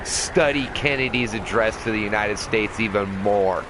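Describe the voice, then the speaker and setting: A man's voice: fairly low pitch, moderate pace. Profane, ranting man on a live stream. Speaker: livestreaming gamer. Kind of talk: ranting live gaming commentary. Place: inside a camper. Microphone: desk mic. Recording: noisy home stream audio.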